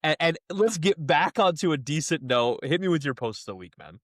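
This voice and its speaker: A young man chatting on a casual podcast, his pitch swinging widely and a bit higher than most men's. He talks in an animated, laughing way and acts out the people he quotes. The sound is dry and close. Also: fairly quick, dry recording. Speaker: podcast co-host. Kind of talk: casual chat.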